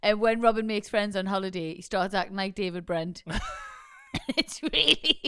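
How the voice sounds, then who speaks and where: A woman's voice: medium pitch, normal speed, sharp tone, clear, resonant tone, dry recording. A woman co-hosting a comic podcast, chatting and teasing with frequent laughter. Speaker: podcast co-host. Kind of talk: casual comic chat.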